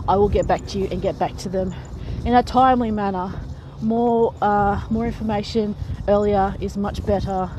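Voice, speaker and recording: A woman's voice: medium pitch, fairly even intonation, normal speed, hardly any pauses, mellow, poor audio. Woman vlogger, frank and chatty, straight-talking advice, light laughs, faint noise behind. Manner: chatty, frank, often laughs mid-sentence. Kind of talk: casual advice talk to camera.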